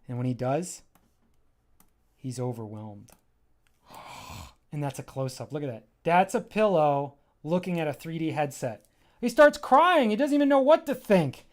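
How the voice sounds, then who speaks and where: A man giving an enthusiastic, rambling walkthrough of his graphic novel on a casual livestream, often breaking off mid-thought. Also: a little high. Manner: enthusiastic, rambling and self-interrupting.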